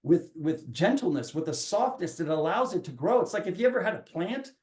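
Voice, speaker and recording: A man's voice: sits high, sing-song, fairly quick, a little mellow. A man in his forties, a coach talking earnestly in a reflective podcast, often restarting his phrases as he thinks aloud. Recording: roomy echo.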